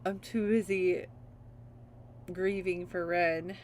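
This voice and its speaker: A woman's voice: mid-range voice, takes it slowly, pauses often, slight background noise. A young woman streaming a game, chatting casually and emotionally with lots of fillers. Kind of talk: casual chat.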